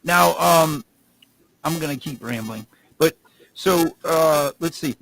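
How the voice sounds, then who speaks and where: A man's voice: a little high, takes it slowly, vocal fry, fairly bright tone, poor audio. A man co-hosting a podcast, rambling through casual stories and laughing as he talks. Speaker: podcast co-host.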